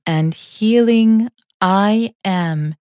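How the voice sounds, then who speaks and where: A woman delivering a scripted spiritual sermon in a slow, measured and earnest way. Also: mid-range voice, a little mellow. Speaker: preacher.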